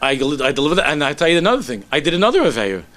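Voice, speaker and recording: A man voicing a hurt, indignant male mailman who talks in an agitated way, his pitch climbing. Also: sing-song, racing, fairly bright tone.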